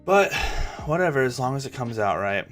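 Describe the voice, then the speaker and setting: A young man running a gaming channel chats casually at a normal pace, his mid-range voice very animated and a bit bright, with soft music in the background. He rambles, swears often, and stammers into restarts.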